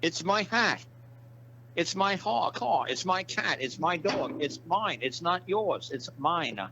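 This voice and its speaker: A man with a high, animated voice speaks slowly as a casual interview guest, bluntly swearing, rambling through stories and going over his points again. The recording is dull and lo-fi with a background hiss.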